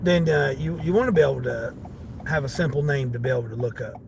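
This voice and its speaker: A man's voice: mid-range voice, fast talker, vocal fry, a little hiss or hum. A middle-aged man, a delivery driver, telling a story to his viewers from his car, laughing often and talking to them by name. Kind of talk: casual storytelling while driving.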